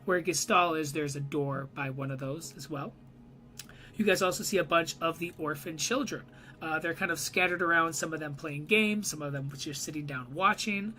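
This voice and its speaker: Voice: mid-range voice, moderate pace, pushed and bright, rough recording. A game master narrating a tabletop role-play game in a loose, rambling way with many fillers.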